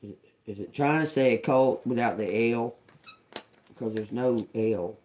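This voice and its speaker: A man doing a tarot reading, slowly sounding out words and phrases and repeating them as he tries to make sense of the messages. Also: mid-range voice, darkish tone. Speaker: tarot reader. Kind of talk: slow channeled reading.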